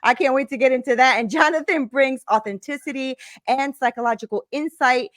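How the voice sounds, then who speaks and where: A woman's voice: sits high, a little fast, no echo, studio quality. A woman hosting her own podcast, bubbly and hyped up, greeting listeners with "y'all" in an upbeat chat. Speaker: podcast host.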